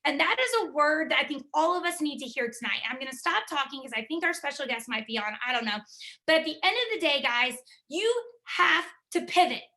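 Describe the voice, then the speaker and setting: A woman's voice: high-pitched, animated, a little fast, pushed and bright. A woman giving an emphatic motivational talk to her team over a video call, driving home her points with repetition. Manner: emphatic, driving, repeats key words.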